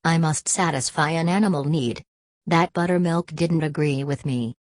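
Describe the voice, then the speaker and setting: A woman's voice: low-pitched, normal speed, no echo, lightly acted. A woman reading the part of a dead clerk's ghost, speaking in a hollow, earnest way.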